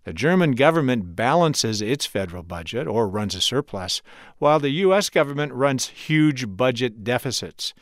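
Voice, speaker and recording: A male radio correspondent reading a scripted news report in a measured, clear delivery. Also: medium pitch, big pitch swings, dry recording, studio quality.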